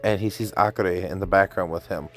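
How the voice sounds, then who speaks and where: Casual male anime reviewer, lowish voice, excited chatty recap, soft music bed. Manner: excited, chatty retelling with laughs and quick quoted voices.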